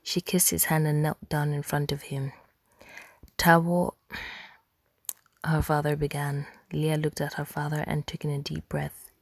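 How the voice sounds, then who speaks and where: A woman narrating a story in a hushed, unhurried whisper. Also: low-pitched, completely flat delivery, vocal fry, no echo, clean studio sound.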